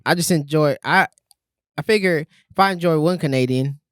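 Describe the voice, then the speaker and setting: A man's voice: fairly high pitch, moderate pace, smooth, dry recording, studio quality. A man co-hosting a podcast, telling stories in casual chat, joking and acting out quoted lines. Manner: joking storyteller, acts out quotes, laughs often. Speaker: podcast co-host.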